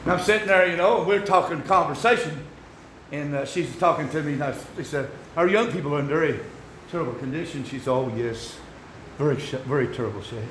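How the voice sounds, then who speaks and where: An older Southern man preaching in a high-pitched, hollering voice, stretching his words and slipping into folksy asides. The sound is echoey, as if in a big room, with a faint hiss underneath. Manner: shouting, drawn-out exhortation with folksy asides. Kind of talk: sermon.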